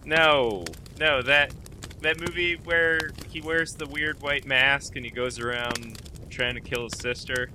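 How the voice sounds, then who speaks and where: A man teasing his friends in comedic banter with deadpan questions. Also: mid-range voice, unhurried, slight background noise.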